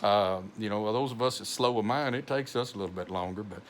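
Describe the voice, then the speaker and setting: Slow-talking North Texas pastor. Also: male voice, fairly low pitch, slight background noise. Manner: slow, rambling, many fillers and restarts. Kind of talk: informal devotional talk.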